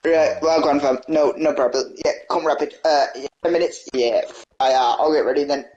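A man's voice: fairly high pitch, steady tone, normal speed, darkish tone, dull audio. A young man, talking into a phone in street slang, flipping between pleading and acting tough in a comic prank skit. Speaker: prankster answering calls.

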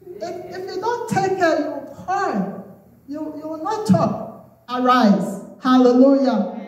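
A woman's voice: extremely high pitch, animated, takes it slowly. A woman from Ghana with a Ghanaian English accent, preaching a sermon and calling out Amens and Hallelujahs. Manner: exhorting, call-and-response with Amens and Hallelujahs. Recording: very echoey room, voice from far off.

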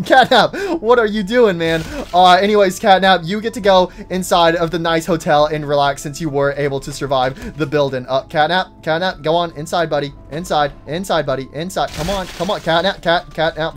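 Excitable male gaming commentator, chatty, shouts and yelps at big moments. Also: high-pitched, moderate pace, faint music behind. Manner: excitable, shouts and cries out at falls; talks to game characters like pets. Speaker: gaming YouTuber. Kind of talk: casual game commentary.

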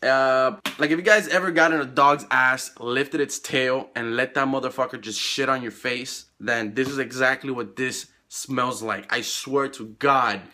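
A man's voice: mid-range voice, pushed and bright, a little hiss or hum. A young man doing a crude, joking challenge vlog while recording in a small closet. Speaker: YouTuber.

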